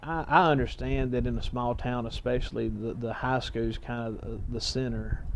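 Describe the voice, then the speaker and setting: A man's voice: medium pitch, steady tone, normal speed, vocal fry. Man, educator and dad, candid and direct, light room noise. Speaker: school educator and parent. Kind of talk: documentary interview.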